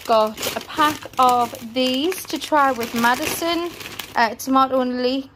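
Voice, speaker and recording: A woman's voice: high-pitched, takes it slowly, noisy background. A woman, a mother, chatting casually through a grocery haul item by item, a little out of breath. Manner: chatty, rambling item-by-item listing. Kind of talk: casual vlog chat. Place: family home, indoors.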